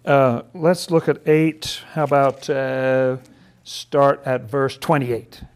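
A man's voice: medium pitch, little pitch movement, takes it slowly, clean tone. A man leading a casual Bible study, chatty and laughing often, who acts out the figures' lines in playful voices.

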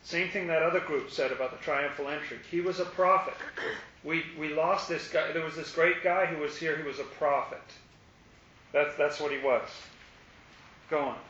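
A man's voice: fairly high pitch, moderate pace. A man teaching a Bible study, asking questions and acting out the lines of the crowd. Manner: animated, asks questions, acts out the crowd's lines. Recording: echoey, muffled room recording with faint hiss.

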